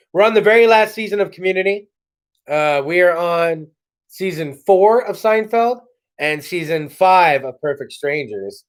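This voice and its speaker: High-voiced profane man hosting a live show. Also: a bit bright. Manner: rambling, profane, slips into mock voices and laughs. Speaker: podcast host. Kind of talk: profane live-stream comedy chat. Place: home studio.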